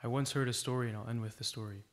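A man's voice: mid-range voice, steady tone, rapid-fire. A man preaching a sermon in a church, earnest and exhorting, telling a story to make his point.

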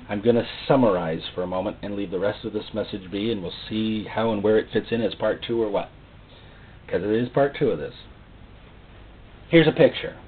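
A man's voice: lowish voice, slight background noise. A man preaching a sermon, emphatic and repeating phrases for stress. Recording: tinny phone-like sound.

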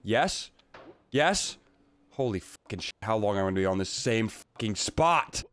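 A young man and gaming YouTuber reacting live as he plays, loud and excitable, swearing constantly and breaking into frustrated outbursts. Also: lowish voice, moderate pace, clean tone. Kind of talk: live reactions while playing a game.

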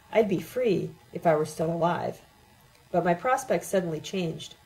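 Mellow-voiced woman reading a novel. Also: fairly low pitch, poor audio. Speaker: audiobook reader.

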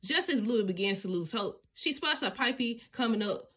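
A woman reading a children's storybook aloud in an expressive, sing-song way, often laughing along. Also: a little high, normal speed. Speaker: storybook reader.

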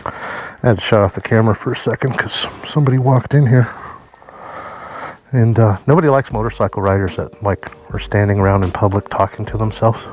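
A man's voice: on the low side, brisk, a little mellow. A man giving casual, jokey, rambling motovlog narration while riding through town and talking to viewers as kids. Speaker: motorcycle vlogger. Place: riding a motorcycle through town streets, later indoors.

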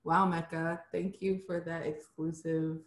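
A woman hosting a casual interview, asking questions and reacting with warm encouragement. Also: low-pitched, level tone, a little slow. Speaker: interviewer host. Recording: echoey room.

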